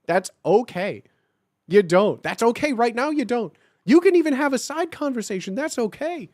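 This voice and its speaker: A livestreamer in casual chat, reassuring and blunt, who keeps repeating a point to settle viewers. The voice sits at a middling pitch. It sounds dry and close to the mic. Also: big pitch swings, normal speed, darkish tone, no room sound.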